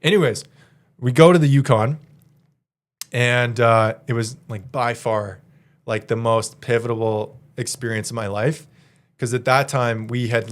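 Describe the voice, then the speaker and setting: A young man in his twenties from Canada, a podcast guest telling a story in a casual, slangy, animated way and laughing as he goes. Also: medium pitch, smooth. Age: 20s.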